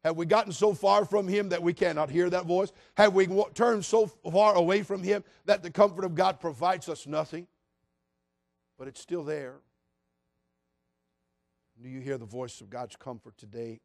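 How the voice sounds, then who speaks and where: A man preaching a sermon as pastor, passionate, moving between loud appeals and hushed, quiet passages. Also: a little high, gravelly, no echo, clean studio sound.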